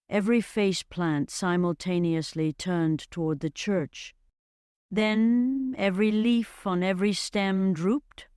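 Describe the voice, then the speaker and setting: A narrator reading a fantasy story slowly and evenly, in a scripted storybook style. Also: medium pitch, clean tone, no echo, studio quality. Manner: slow, measured and even.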